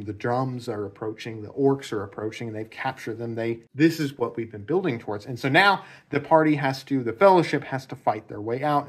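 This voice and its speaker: Rambling man talking about a book. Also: mid-range voice. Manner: rambling, repeats words, many fillers. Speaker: book commentator. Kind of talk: casual spoken analysis.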